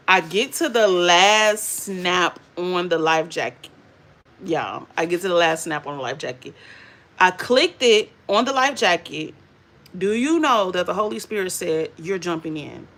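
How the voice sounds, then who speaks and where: Animated woman telling a story. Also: mid-range voice, normal speed. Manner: animated, laughing, addresses viewers as y'all. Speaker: beauty and faith vlogger. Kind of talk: casual storytelling chat.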